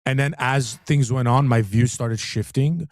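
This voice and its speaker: A man's voice: medium pitch, measured pace, no echo. A man co-hosting a live commentary stream, rambling in casual talk and restarting his sentences over and over. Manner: rambling, many restarts and filler "like". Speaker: co-host.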